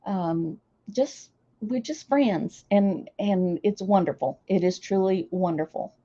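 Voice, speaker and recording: Older woman, slow gushing chat, muffled lo-fi sound. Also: medium pitch. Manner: warm, emotional, gushing. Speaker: streamer hosting a celebration. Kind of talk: casual chat to viewers.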